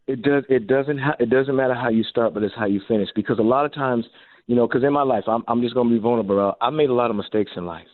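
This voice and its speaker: Calling in on a tinny phone line, a man who once played receiver professionally and now coaches swaps stories in a relaxed radio interview. His voice is mid-range and quick with no echo, and he animatedly voices the quotes himself.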